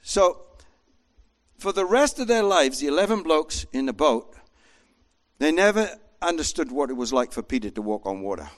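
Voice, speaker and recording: Animated male preacher, lively delivery. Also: a little high, moderate pace. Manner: animated, acts out voices in quotes. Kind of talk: sermon.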